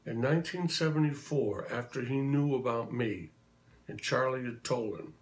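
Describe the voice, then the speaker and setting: A man in his sixties tells stories straight to the camera in a chatty, anecdotal way. His voice sits at a medium pitch. He slips into little voices for the people in his stories. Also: moderate pace. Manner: chatty anecdotal, acts out quotes. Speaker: tribute performer telling stories. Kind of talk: casual storytelling to camera.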